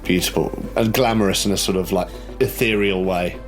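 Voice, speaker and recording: Deep-voiced male player, musing and slow, music underneath. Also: steady tone. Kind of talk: casual game table chat. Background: background music.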